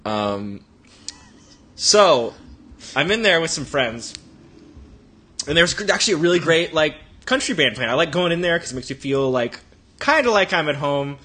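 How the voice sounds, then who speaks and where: Man, podcast co-host, bright husky voice, rambling swearing storyteller. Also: on the high side, big pitch swings, moderate pace, long pauses. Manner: rambling, profane anecdote-telling.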